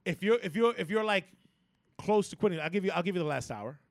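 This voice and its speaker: A man's voice: high voice, animated, fast, gravelly, no echo, studio quality. A man on a casual podcast, ranting emphatically with lots of profanity and stammered restarts. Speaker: podcast co-host.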